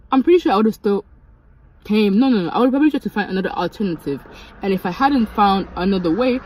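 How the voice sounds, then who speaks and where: Young woman, storytime vlog, animated, medium-pitched voice. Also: quick pace, slight background noise, poor audio. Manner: animated, jumps into high-pitched quoted voices. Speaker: vlogger. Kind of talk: casual storytime.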